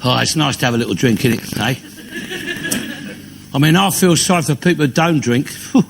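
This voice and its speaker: Alf Garnett, a gravelly old grump. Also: male voice, medium pitch, expressive, brisk, noisy background. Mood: boozy. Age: older. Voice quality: gravelly, mocking. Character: bigoted, grumbling old working-class London man. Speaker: comic character on stage. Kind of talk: stand-up monologue in character.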